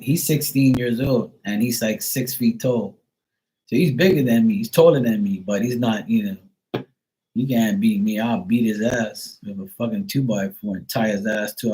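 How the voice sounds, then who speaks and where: A man's voice: mid-range voice, mellow, poor audio. A middle-aged man hosting a livestream, telling a rambling story full of blunt profanity in casual chat. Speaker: livestream host.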